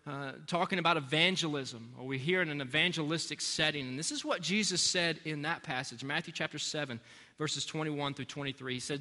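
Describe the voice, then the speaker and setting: A man's voice: on the high side, brisk, bright, forceful tone. Preaching man in a reverberant church. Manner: earnest preaching, repeats key phrases for emphasis. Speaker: pastor. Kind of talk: sermon. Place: church sanctuary. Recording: long reverb of a large hall.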